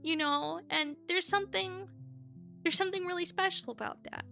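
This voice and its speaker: A woman's voice: extremely high pitch, fairly even intonation, normal speed, creaky, sharp tone, soft background music. A young woman streaming, chatting casually and candidly with her viewers and swearing freely. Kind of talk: casual live-stream chat.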